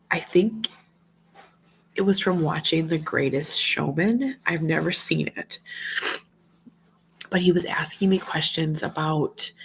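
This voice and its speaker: A woman's voice: low voice, gravelly, slight background noise. A woman in her thirties with a slight cold, chatting earnestly and casually to viewers in a home livestream. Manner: earnest, heartfelt, rambling. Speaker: mom vlogger.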